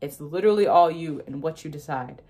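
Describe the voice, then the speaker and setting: A young woman who makes manifestation content explains ideas to her viewers casually and emphatically, laughing often and acting out inner voices. Her voice sits low with a darkish tone, and she talks a little fast.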